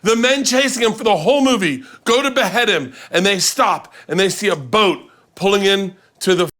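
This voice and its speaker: A man hosting a casual kitchen chat, telling a road story with lively quoted voices. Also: high voice. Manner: animated storyteller doing quick quoted voices. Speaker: host.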